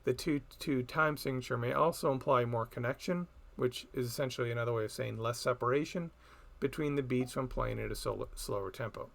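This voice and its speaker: A man teaching a recorded music theory lesson, explaining slowly and chanting beat patterns aloud. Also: medium pitch, creaky, a bit bright.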